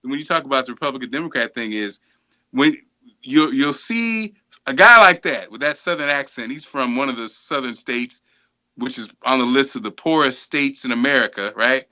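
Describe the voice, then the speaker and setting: A man's voice: mid-range voice, moderate pace, muffled recording. A man hosting a live studio talk show in a casual, emphatic way that gets heated. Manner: animated, emphatic, gets fired up. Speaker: host.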